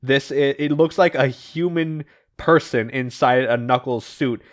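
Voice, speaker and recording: A man's voice: medium pitch, measured pace. A man hosting a casual podcast and recapping comic plots, swearing and laughing as he goes. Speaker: podcast host.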